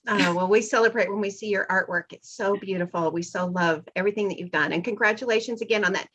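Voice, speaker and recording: A woman's voice: medium pitch, fast, a bit bright, slightly rough. A woman hosting a group video call, effusive and full of praise for each guest. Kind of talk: casual group chat. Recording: dull lo-fi call audio.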